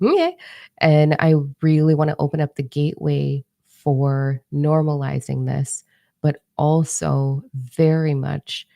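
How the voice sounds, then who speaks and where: A woman's voice: low-pitched, vocal fry, mellow, dry recording, clean studio sound. A woman in her forties, a spiritual teacher telling a story in a casual, rambling monologue, blunt and swearing freely. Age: 40s.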